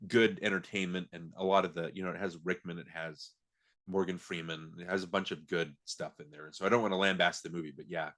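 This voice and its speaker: Low-ish guy on a movie podcast, rambly, keeps restarting his sentences. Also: fairly even intonation, quick pace, fairly bright tone. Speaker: podcast co-host. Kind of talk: casual film chat.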